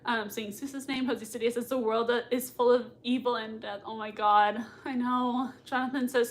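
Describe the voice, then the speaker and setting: Woman, high voice, excitable, giggly, casual livestream reaction chat, reading viewer comments. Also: normal speed, hardly any pauses. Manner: gushing and excitable, frequent laughter. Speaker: livestream host reacting to a TV episode.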